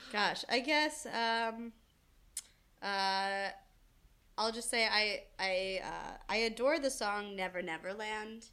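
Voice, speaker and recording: A woman's voice: medium pitch, slow pace, pushed and bright, clear, resonant tone. Hesitant woman co-host. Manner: hesitant, many fillers, wry. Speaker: podcast co-host. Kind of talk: casual chat.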